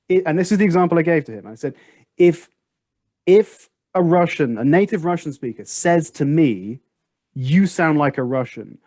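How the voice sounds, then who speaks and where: A man hosting a casual podcast discussion, making his points emphatically and acting out past conversations with lively storytelling. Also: fairly high pitch, dry recording. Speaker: podcast host.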